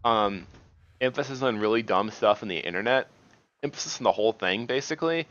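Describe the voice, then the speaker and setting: A man giving casual, rambling commentary while playing a game, halting and restarting often and swearing at the game now and then. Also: on the low side, fairly bright tone, dull audio. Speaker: gaming video host.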